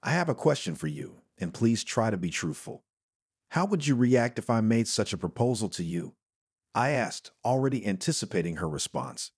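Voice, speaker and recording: A man narrating a first-person story in a plain, steady voice-over. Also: fairly low pitch, moderate pace, slightly rough, dry recording, studio quality.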